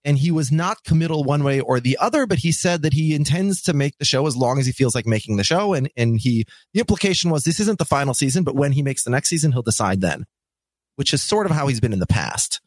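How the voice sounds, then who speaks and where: A man's voice: mid-range voice, animated, quick pace, no room sound. A man chatting casually as a podcast co-host, hesitant, with many fillers and restarts. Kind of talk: casual chat.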